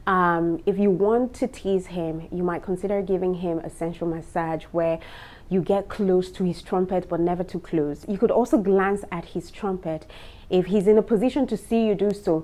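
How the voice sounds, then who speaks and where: A woman's voice: mid-range voice, mellow. A woman vlogger giving relationship advice in a casual, frank, chatty way, talking straight to her viewers. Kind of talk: casual advice talk to camera.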